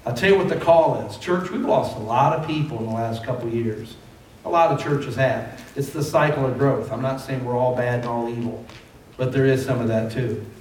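A man's voice: medium pitch, fairly quick, darkish tone, slight background noise. A male pastor preaching a sermon in a conversational way that rises to emphatic calls. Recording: echoey hall from far off.

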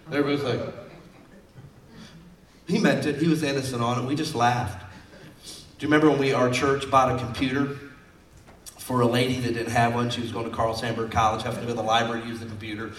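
Folksy pastor preaching in an echoey hall. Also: male voice, mid-range voice, a bit bright, recorded from a distance. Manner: folksy and conversational, acting out quotes. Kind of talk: sermon.

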